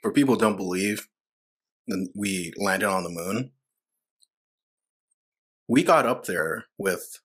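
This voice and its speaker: A man's voice: deep voice, slow, pauses often, fairly bright tone, breathy edge. A man in casual podcast chat, swearing often and getting riled up.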